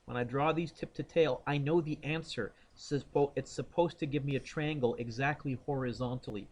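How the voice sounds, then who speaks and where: A man's voice: medium pitch, moderate pace, darkish tone. Man thinking aloud through physics problems. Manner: thinks aloud, quizzes students by name. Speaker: physics teacher. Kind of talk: classroom lecture working problems aloud. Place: classroom.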